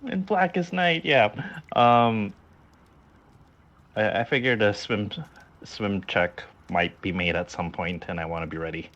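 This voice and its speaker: Deep-voiced man with a dull lo-fi mic. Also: little pitch movement, unhurried, pauses often, fairly bright tone. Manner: hesitant, full of ums and uhs. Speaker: player. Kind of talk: tabletop game chat, describing his character's actions.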